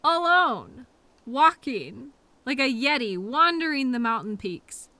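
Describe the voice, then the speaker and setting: A woman's voice: high voice, very animated, takes it slowly, sharp tone, dry recording. A young woman performing a scripted audio role-play as a coworker who finds the listener in a blizzard, fussy and scolding, then apologetic, with quirky mild exclamations.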